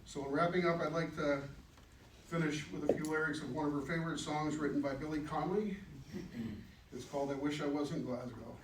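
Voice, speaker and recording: A man reading a prepared remembrance of his mother at her memorial, measured and steady. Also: a little high, noisy background. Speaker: son giving a remembrance. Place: funeral home chapel. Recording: echoey room, distant mic, faint ambience.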